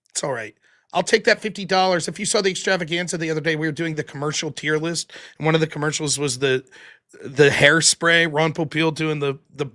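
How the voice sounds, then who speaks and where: A man in his forties hosting a livestream call-in show, talking quickly and animatedly. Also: a little high. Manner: fast, animated, talks over callers.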